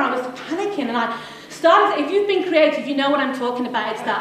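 A woman in her forties telling a lively, laughing story to a live audience, acting out her own thoughts as she goes. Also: sits high, fast, few pauses. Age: 40s. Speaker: speaker giving a community talk. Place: large hall with a live audience. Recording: echoey hall, mic at a distance, audience noise.

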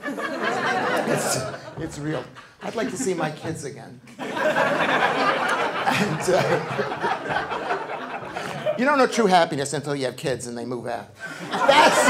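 New York stand-up man, lively pitch. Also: vocal fry, heavy background noise. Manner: rambling, deadpan, repeats his lines. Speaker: stand-up comedian. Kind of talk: live stand-up routine. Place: comedy club on stage. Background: audience laughter.

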